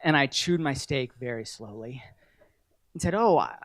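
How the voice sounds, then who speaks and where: A man's voice: mid-range voice, normal speed, a bit bright, a little hiss or hum. Wry storytelling man at a podium. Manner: storytelling, wry and self-deprecating. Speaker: award honoree giving acceptance speech. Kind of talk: acceptance speech with anecdotes.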